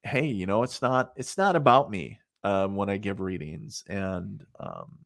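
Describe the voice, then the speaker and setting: Low-voiced middle-aged man telling stories. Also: unhurried, gravelly, fairly bright tone, no echo, clean studio sound. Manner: rambling, many fillers, laughs at his own stories. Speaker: guest, psychic medium. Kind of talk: casual storytelling in a podcast interview.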